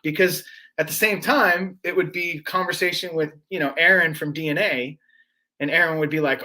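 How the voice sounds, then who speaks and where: Podcast guest, male, higher-pitched, loose and profane, rambling delivery with lots of restarts. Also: fairly even intonation, brisk, bright, forceful tone. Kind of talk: casual conversational storytelling.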